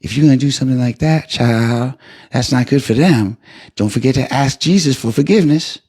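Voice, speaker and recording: A man voicing a calm, devout elderly woman driver who calls everyone child. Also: medium pitch, fairly quick, breathy edge, pitched above the performer's own voice. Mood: serenely pious.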